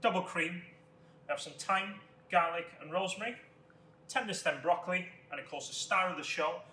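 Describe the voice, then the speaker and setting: A man, a chef, talking through a cooking demonstration step by step in a relaxed way. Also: high voice, normal speed, echoey room, a little hiss or hum. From Wales.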